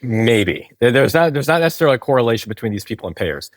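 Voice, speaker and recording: A man's voice: medium pitch, big pitch swings, fast, no room sound. A man, a game company founder, explaining in a conversational interview, tagging points with "right?" and restarting sentences.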